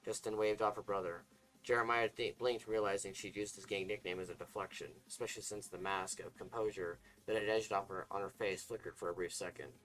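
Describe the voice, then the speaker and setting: A man's voice: lowish voice, little pitch movement, brisk, fairly bright tone, poor audio. A man casually reading fiction aloud, stumbling and restarting now and then. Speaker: story reader.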